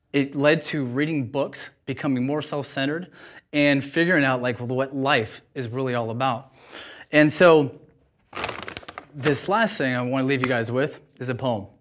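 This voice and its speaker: A man who owns a juice bar, talking informally and with energy to a live audience. He is candid and laughs at himself. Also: medium pitch. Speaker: juice bar owner giving a talk.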